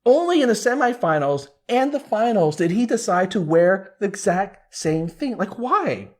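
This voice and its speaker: A man's voice: high voice, sing-song, moderate pace. A man hosting a casual commentary, talking animatedly and asking many rhetorical questions. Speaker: YouTube commentator.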